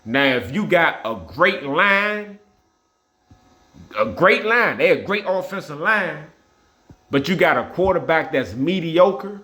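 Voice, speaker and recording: Blunt, swearing football fan ranting. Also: male voice, a little high, sing-song, slow, sharp tone. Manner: blunt, repetitive, trash-talking, swears often. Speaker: sports vlogger. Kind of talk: casual opinionated rant.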